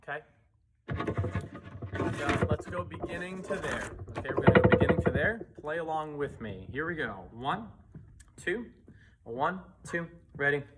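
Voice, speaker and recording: Man, band teacher, casual rehearsal talk, scats rhythms, fairly high voice, noisy recording. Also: expressive, moderate pace. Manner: scats rhythms on syllables between instructions. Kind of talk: casual music rehearsal lesson.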